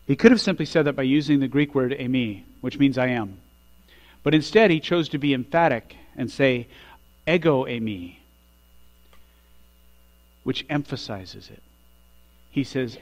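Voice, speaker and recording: A middle-aged man preaching a sermon as pastor, emphatic, swelling loud on key phrases and dropping low after them. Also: moderate pace, long pauses. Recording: dull lo-fi recording with mains hum.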